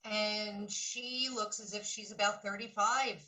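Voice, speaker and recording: A middle-aged woman caller from the Philadelphia area recounts a dream with earnest, vivid storytelling. Her voice is bright and forward, middling in pitch, and sits a little far from the microphone. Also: steady tone, slow pace.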